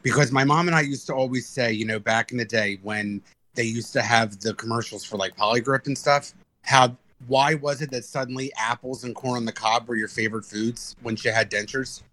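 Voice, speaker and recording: A man in casual podcast chat, telling animated stories and swearing freely. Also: mid-range voice, brisk, no room sound.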